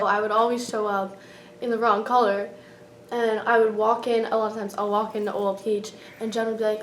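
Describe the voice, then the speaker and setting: A woman's voice: on the high side, a little fast, echoey room, slight background noise. A young woman and former player, telling a story in an interview and acting out the voices of the people she quotes. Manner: animated, acts out quoted voices.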